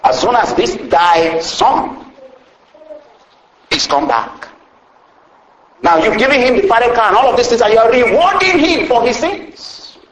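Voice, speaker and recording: A man's voice: very high-pitched, lively intonation, measured pace, pauses often, fairly bright tone, pitched above the performer's own voice, exaggerated voice. A man preaching a sermon and voicing a resentful, self-righteous elder son who complains in an aggrieved tone. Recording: roomy echo.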